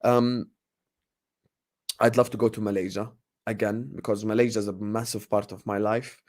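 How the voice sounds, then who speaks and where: A man's voice: fairly low pitch, moderate pace. Casual young man chatting with viewers. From grew up partly in the UAE. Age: 20s. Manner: animated, repeats phrases, warm thanks to viewers. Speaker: YouTube football channel host. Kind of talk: casual live Q&A chat.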